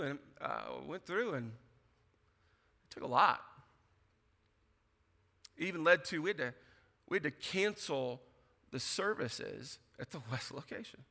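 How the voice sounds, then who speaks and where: A man preaching a sermon as pastor, emphatic and animated, often repeating words as he starts a thought. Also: high-pitched. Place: church sanctuary. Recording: church hall with long reverb.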